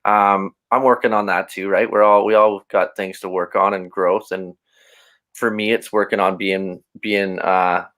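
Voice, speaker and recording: A man's voice: low-pitched, little pitch movement, measured pace, fairly bright tone. A man speaking as a podcast guest, reflective and open, often restarting his sentences. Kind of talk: casual interview chat.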